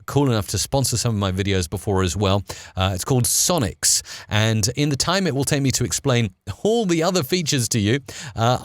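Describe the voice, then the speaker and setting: A man's voice: fairly low pitch, no room sound, clean studio sound. A British man hosting a chatty live screen-share tutorial, upbeat and full of fillers. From United Kingdom. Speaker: host.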